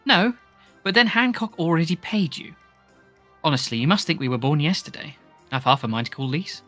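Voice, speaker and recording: A man's voice: a little high, expressive, fairly quick, pushed and bright, faint music behind, pitched above the performer's own voice. A man voicing a stern adventurer who questions an informant with dry, cutting suspicion. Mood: suspicious.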